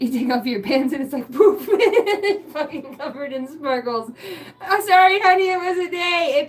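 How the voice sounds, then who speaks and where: Giggly, crude woman with a high voice. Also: darkish tone, poor audio. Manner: crude, giggly, swears a lot. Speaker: livestream host. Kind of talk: rambling live-stream chat.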